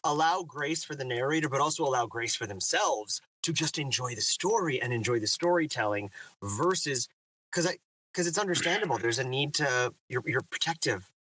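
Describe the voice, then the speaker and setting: A man who narrates audiobooks reflects on his craft in an interview. His voice is bright and energetic, and his thoughtful talk stays animated. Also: medium pitch, moderate pace, far from the mic, rough recording.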